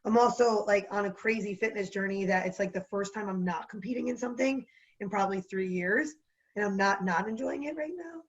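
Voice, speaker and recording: A young woman with a New Jersey accent, chatting as a podcast guest in a bubbly, animated way. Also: medium pitch, lo-fi sound. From New Jersey, USA. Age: young adult. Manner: bubbly, animated, quick to laugh. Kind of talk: casual interview chat.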